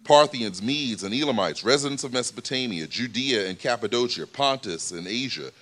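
A man's voice: medium pitch, expressive, fairly quick, fairly bright tone. A man preaching in a church, explaining scripture in a casual, conversational way with many fillers. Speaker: pastor. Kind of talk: sermon.

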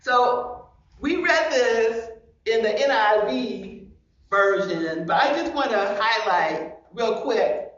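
A woman's voice: medium pitch, lo-fi sound. A woman pastor preaching a sermon, emphatic and full of rhetorical questions, recorded from a distance in a large church hall.

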